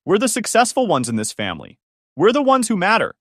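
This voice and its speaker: A man voicing a spoiled, entitled young woman, shrill and scornful in her outbursts, in a storybook reading. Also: huge pitch swings, fast talker, a bit bright, no echo, studio quality, heavily acted. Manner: sneering, indignant outbursts.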